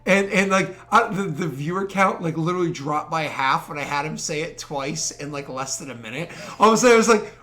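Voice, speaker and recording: A man from the United States running a tabletop game, chatting and joking with his players in a rambling, animated way. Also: on the high side, a little fast, few pauses. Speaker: game master.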